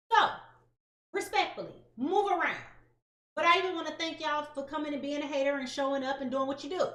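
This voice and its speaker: A woman tarot reader, talking straight to her viewers in a lively, sassy, emphatic way. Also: high-pitched, reverberant. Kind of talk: casual direct-to-camera chat.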